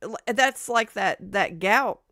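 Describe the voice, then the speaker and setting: A woman co-hosts a casual health chat, rambling and exclaiming as she tells a story. Her voice sits at a middle pitch. The recording is dry and close. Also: expressive, slow, pushed and bright, no room sound. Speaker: co-host.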